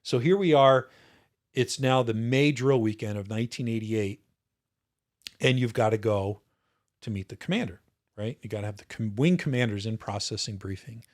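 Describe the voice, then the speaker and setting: A man's voice: fairly low pitch, moderate pace. A man in his fifties, a retired officer, telling stories as a guest in a casual interview, earnest and reflective, often restarting his sentences.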